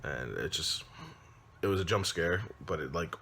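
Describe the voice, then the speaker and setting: A man, a father, casually recapping a film, loose and rambling, with frequent pauses and restarts. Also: low voice, expressive, background noise. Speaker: movie reviewer. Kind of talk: casual spoken movie recap.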